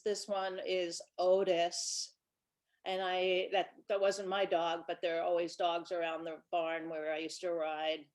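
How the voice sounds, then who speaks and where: A woman in her sixties, a children's book author, chatting through stories from her life in a relaxed presentation. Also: medium pitch. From Brooklyn, New York. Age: 60s. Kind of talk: casual storytelling presentation.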